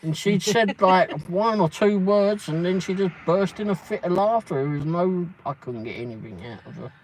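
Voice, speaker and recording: A man's voice: high-pitched, lively intonation, normal speed, a little hiss or hum, low-quality recording. A man hosting a livestream from a truck cab, telling a casual story full of swearing and the word "flipping". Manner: swears a lot and keeps saying "flipping". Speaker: livestream host.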